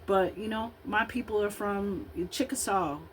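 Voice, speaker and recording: A woman's voice: medium pitch, a little slow, slight background noise, poor audio. A woman in her fifties from Illinois giving a casual tarot reading, chatting and rambling in asides between the cards she reads aloud. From Illinois, USA. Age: 50s. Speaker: tarot card reader.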